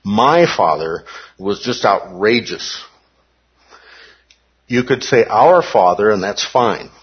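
Husky-voiced man teaching a Bible class. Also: lowish voice, slow pace, muffled recording. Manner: conversational, checks in with the class.

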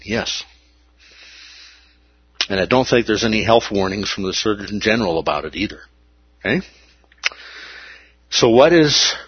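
A man's voice: lowish voice, slightly rough, no room sound, lo-fi sound. A man preaching a sermon, emphatic and repeating key words for weight.

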